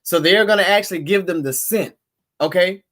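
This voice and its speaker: A man's voice: sits high, fairly quick, bright, forceful tone. A middle-aged man hosting a live-streamed talk show, chatting casually and playfully with his viewers. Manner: chatty, addresses viewers directly, playful asides.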